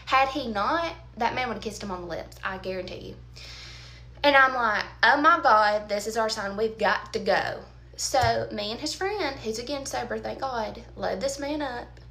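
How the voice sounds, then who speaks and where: Woman in her thirties, fairly high voice, animated storytime, faint hum behind. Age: 30s. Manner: animated, dramatic emphasis, quoted asides. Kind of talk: casual storytime.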